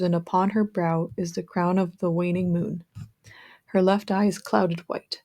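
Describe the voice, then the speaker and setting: A woman guiding a meditation, telling the tale calmly and at a measured pace. Her voice sits a little low and sounds soft and mellow. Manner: calm, measured storytelling. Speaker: meditation narrator. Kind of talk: guided meditation narration.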